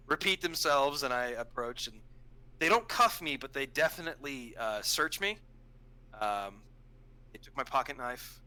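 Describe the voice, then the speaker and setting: A young man casually telling a long story on a live stream, animated and acting out what people said. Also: poor audio. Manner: animated, acts out quoted voices with sudden pitch jumps. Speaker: stream co-host.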